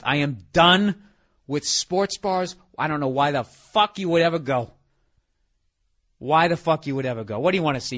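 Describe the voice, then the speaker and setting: A middle-aged man with a mid-range, slightly bright voice hosts a podcast, ranting through a comic monologue that's rambling, profane, and sarcastic.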